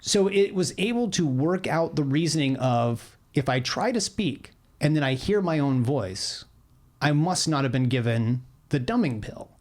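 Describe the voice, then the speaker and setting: A man co-hosting a podcast in casual chat, halting and filling pauses with "uh". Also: on the high side, animated, a little mellow. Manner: hesitant, many fillers. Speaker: podcast co-host.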